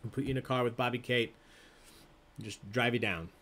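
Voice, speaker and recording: A man's voice: medium pitch, fairly quick, a bit bright. A man hosting a live trivia game in a casual, playful way, laughing often as he reads questions and answers. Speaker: trivia host.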